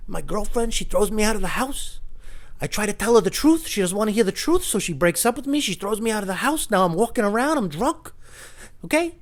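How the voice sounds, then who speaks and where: A man's voice: extremely high pitch, wildly swooping pitch, fairly quick, voice pushed up, heavily acted. A man voicing a big, drunk, self-pitying man in a whiny lament.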